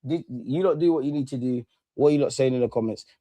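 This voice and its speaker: A man, hosting a casual livestream, talking in slangy, animated bursts that swing between loud and muttered. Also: medium pitch, quick pace, no echo. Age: 30s. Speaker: livestream host.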